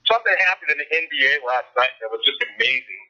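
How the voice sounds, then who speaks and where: Guy calling into a sports podcast, sharp bright voice, kinda high, keeps tripping over his words, phone-line sound. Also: very animated, rapid-fire. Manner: enthusiastic, stumbles and repeats words. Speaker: sports commentator guest. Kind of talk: casual sports podcast chat.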